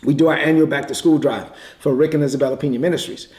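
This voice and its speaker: A man preaching in a conversational way, telling a story with quick bursts and repeated words. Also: fairly high pitch, steady tone, darkish tone. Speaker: pastor. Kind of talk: sermon storytelling. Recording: echoey room.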